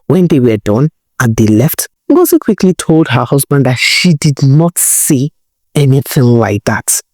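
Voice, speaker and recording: A woman narrating a folk tale in a conversational, expressive way. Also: a bass voice, unhurried, dry recording, studio quality. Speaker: storyteller.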